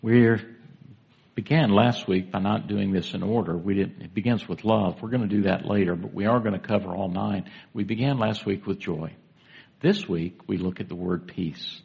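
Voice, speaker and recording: A man's voice: lowish voice, gravelly, darkish tone, breathy edge, lo-fi sound. A man preaching a sermon to a congregation in a church, in a conversational way, putting questions to the listeners. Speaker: pastor.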